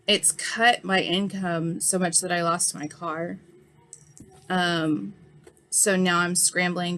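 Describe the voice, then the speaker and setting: Bright and forceful, her fairly low voice carries a heated, frank account of an incident. She's a woman in her thirties with a swollen, injured eye, vlogging casually in a storytime monologue heavy with fillers.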